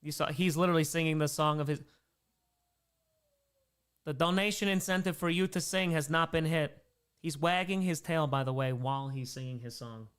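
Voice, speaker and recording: A man's voice: on the high side, normal speed, a bit bright, smooth. A man hosting a charity livestream, reading out donations and bantering with chat, sometimes in character as a made-up persona.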